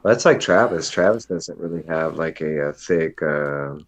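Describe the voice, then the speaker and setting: A man from the East Coast chatting in a relaxed, drawling way. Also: rumbling low, normal speed. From near New York State, East Coast. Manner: relaxed, drawling, says y'all. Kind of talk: casual chat. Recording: dull lo-fi remote audio.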